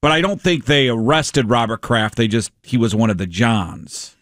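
A man's voice: medium pitch, normal speed, dry recording, clean studio sound. A man hosting a sports talk radio show, telling stories in casual banter and acting out the voices of the people in them. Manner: animated storyteller acting out quoted voices.

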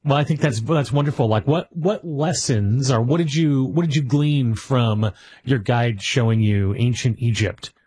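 A man's voice: medium pitch, unhurried, mellow, breathy edge. A man hosting a late-night radio interview, asking eager conversational questions. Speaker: radio show host.

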